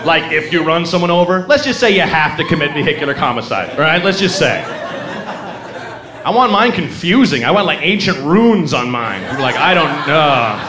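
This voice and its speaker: A man doing a rambling, self-mocking stand-up routine, breaking into loud mock singing. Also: a little high, very animated, normal speed. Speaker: stand-up comedian. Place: comedy club stage. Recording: live club recording, roomy, crowd laughter.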